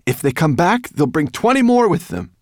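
A man doing a brisk, bossy young boy. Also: fairly high pitch, sing-song, darkish tone, no echo, studio quality, pitched above the performer's own voice. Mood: urgent. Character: brave, quick-thinking young boy.

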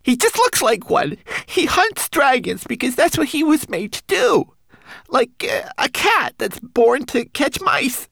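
A tiny, tearful homunculus servant, his voice high and trembling as he pleads. The voice leaps and swoops with a gravelly edge. It is recorded close and dry. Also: big pitch swings, a little slow, a bit bright, no echo, exaggerated voice. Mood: frightened, sobbing. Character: small, tearful, timid male homunculus servant. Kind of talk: audiobook character voice.

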